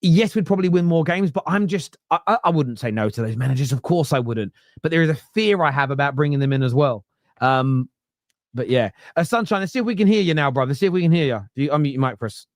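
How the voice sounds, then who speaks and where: Animated male football podcast host. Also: on the high side, quick pace, dry recording, studio quality. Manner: animated, stumbling over words. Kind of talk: casual fan podcast chat.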